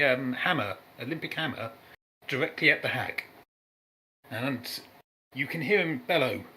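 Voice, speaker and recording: A man's voice: a little high, bright, forceful tone. A man playing a tabletop game, describing his character's actions in a playful, dramatic way. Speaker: player. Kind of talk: tabletop game play and narration.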